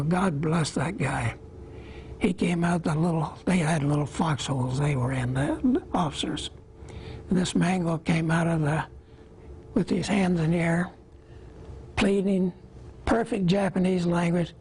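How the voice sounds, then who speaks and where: A man's voice: a little high, darkish tone, a little hiss or hum, rough recording. Elderly Iowa man recalling wartime memories. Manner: plain-spoken storytelling with halting pauses. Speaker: war veteran interviewee. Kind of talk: recounting memories in an interview.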